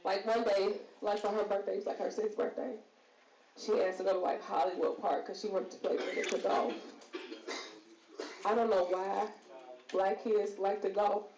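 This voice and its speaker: A woman's voice: mid-range voice, little pitch movement, normal speed. A woman doing open-mic stand-up comedy, brash and profane, teasing the crowd and laughing through her own jokes. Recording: echoey room with loud crowd.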